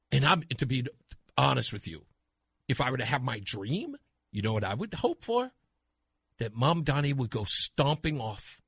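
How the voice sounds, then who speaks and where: A man hosting a talk radio show, delivering an animated, mocking opinion monologue. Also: mid-range voice, slightly rough, no echo, studio quality. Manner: animated, mocking, acts out voices.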